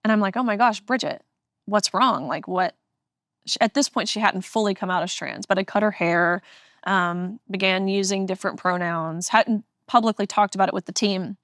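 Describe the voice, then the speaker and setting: A woman's voice: mid-range voice, steady tone, brisk, dry recording, clean studio sound. A woman in her twenties, an interview guest, telling a personal story in an earnest, emphatic way.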